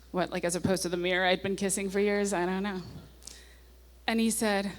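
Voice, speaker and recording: A woman's voice: mid-range voice, steady tone, moderate pace. A woman in her forties stands at a stage mic and reads from her teenage diary with comic timing. She breaks off for dry, knowing asides, then throws herself back into the breathless entries. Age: 40s. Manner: wry asides, reads diary passages with mounting gusto. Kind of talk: live comic diary reading. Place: stage at a nightclub before an audience.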